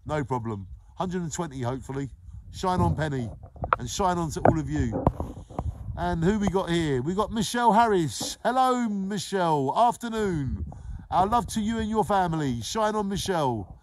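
A man, hosting a daily live show and warmly giving repeated shout-outs to viewers by name. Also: high voice, lively intonation, moderate pace, background noise. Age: 40s. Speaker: live-stream host.

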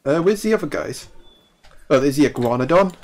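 A young man, excitedly commenting on a dinosaur game while he plays, laughing often and talking to the screen. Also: fairly high pitch, brisk, slight background noise. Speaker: gaming YouTuber. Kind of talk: live gameplay commentary.

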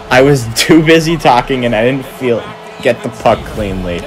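A man's voice: mid-range voice, moderate pace, soft background music. A young man doing play-by-play commentary while he plays a video hockey game, calling goals like a sportscaster and yelping and groaning at the action. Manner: excitable, mock sportscaster calls, yelps and groans. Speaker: gaming YouTuber. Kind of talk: live play-by-play gaming commentary.

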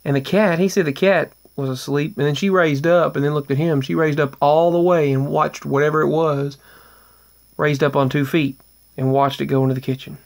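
In a slightly high, creaky voice with fairly even intonation, a male vlogger speaks at normal speed about paranormal incidents in his home. The story is earnest yet rambling and casual, with frequent restarts and asides that trail away.

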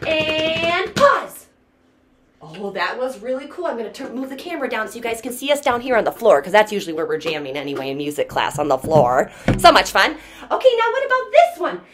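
A woman's voice: a little high, big pitch swings, brisk, roomy sound, crowd noise. A woman teaching a toddler music class, counting rhythms and chanting in a bouncy sing-song way. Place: indoor room, sitting on floor.

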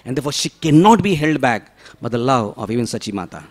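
A man preaching a devotional sermon, storytelling with dramatic swings from loud pleading to hushed whispers and frequent rhetorical questions. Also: medium pitch, lively intonation, fast.

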